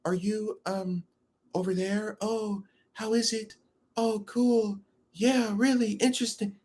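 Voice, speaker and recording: A man mimicking a bored young woman who talks in a flat, quiet monotone. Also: high voice, slow pace, voice pushed up.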